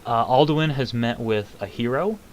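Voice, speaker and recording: A man's voice: medium pitch, moderate pace, a little hiss or hum, low-quality recording. A young man casually commenting on a game's lore, rambling with many ums and self-deprecating jokes.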